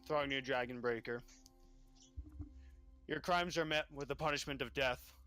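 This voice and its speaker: A man's voice: medium pitch, fairly bright tone, smooth, natural voice. A man voicing a stern male city magistrate in a tabletop game, formally reading out charges and sentences. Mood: severe.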